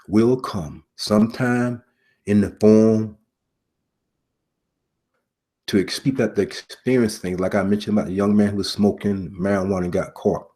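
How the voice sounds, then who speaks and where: A middle-aged man, formerly in law enforcement, delivering an earnest sermon-style message with repetition and pauses. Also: lowish voice, warm tone. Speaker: preacher, former police officer.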